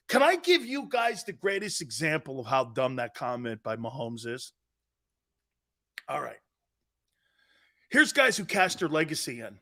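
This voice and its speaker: Loud, lively sports talk host. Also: male voice, a little high, moderate pace, pauses often. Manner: loud, sarcastic, shouts and laughs mid-rant. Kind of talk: sports talk radio rant.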